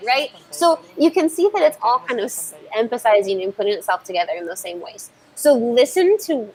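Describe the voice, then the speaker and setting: A woman's voice: on the high side, lively intonation, normal speed, hardly any pauses, a little mellow, slightly rough, poor audio. A woman giving an informal online talk as an English communication coach, chatting loosely and often checking in with "right?". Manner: thinks aloud with frequent fillers and restarts.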